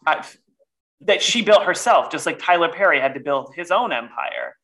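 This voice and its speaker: A man in a casual podcast chat, animated and theatrical, who swears freely. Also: fairly high pitch, normal speed. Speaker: podcast co-host.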